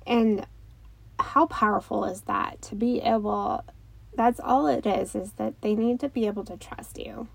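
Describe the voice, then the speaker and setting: A woman in her thirties, a mother and host, talking gently and reflectively in a casual way, with many fillers. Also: a little high, measured pace, creaky, no echo, rough recording. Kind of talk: casual talk.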